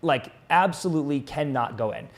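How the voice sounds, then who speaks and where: A man co-hosting a live hockey podcast, talking in a loose, excitable way and swearing freely. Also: on the high side, a little fast. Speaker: podcast co-host. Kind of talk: casual hockey chat.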